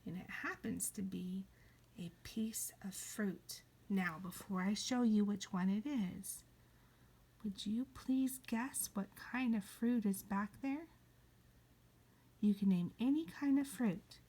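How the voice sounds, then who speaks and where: A woman teaching a kindergarten reading lesson, playful, slipping into high excited cries and soft whispers. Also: slow pace, husky.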